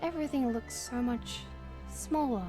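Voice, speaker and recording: A woman's voice: a little high, over music, pitched above the performer's own voice, close to an everyday voice. An Australian woman voicing a pompous, cruel old male bird villain in a storybook game, speaking in a theatrical, sneering way. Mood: gloating. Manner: theatrical, sneering, slow and grand.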